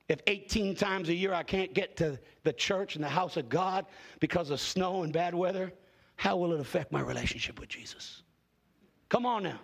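A man in his fifties preaching a fervent sermon, often breaking into shouts and hallelujahs. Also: high voice. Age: 50s. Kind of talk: Pentecostal sermon.

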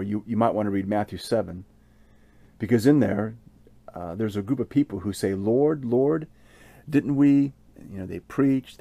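A man preaching a sermon in an earnest, measured way, often restarting his phrases. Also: on the low side, vocal fry, mellow, no echo.

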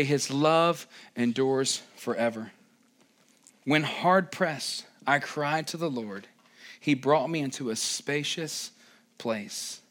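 A man, a pastor, preaching a sermon who swings from raised, emphatic lines to quiet, low ones.

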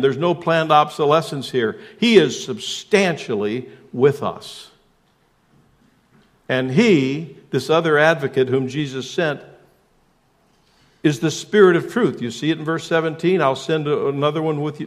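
Delivering a sermon as pastor, a man with a voice on the high side speaks emphatically, asks rhetorical questions and swings abruptly from loud to soft.

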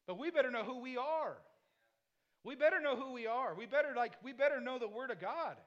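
High-voiced man preaching with emphasis. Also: expressive, a little fast, a bit bright, lo-fi sound. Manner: emphatic, repetitive preaching with rhetorical questions; casual, conversational asides. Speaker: pastor. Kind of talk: sermon.

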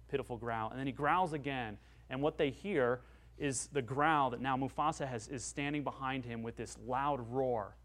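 A man preaching a sermon as a pastor, earnest and emphatic, building to rising peaks on his key points. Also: mid-range voice.

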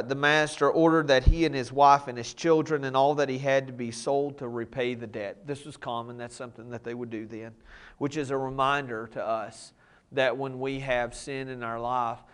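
A man's voice: mid-range voice, fairly bright tone, clean tone. A man preaching a sermon, reading scripture and explaining it in a plain, conversational way. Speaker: pastor.

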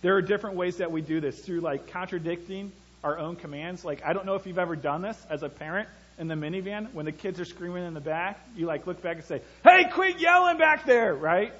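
A man's voice: a little high, steady tone, quick pace, few pauses, slightly rough. A man, a pastor with young sons, preaching a sermon in a conversational way and telling stories from family life. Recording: dull lo-fi church recording.

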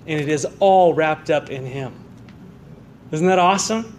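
Male pastor, American accent, sermon, earnest, rhetorical questions, faint background rumble. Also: unhurried, darkish tone. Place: church sanctuary.

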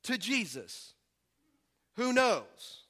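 Animated preacher man. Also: high voice, very slow. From American South. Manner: animated, acts out voices with humor. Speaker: pastor. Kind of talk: sermon.

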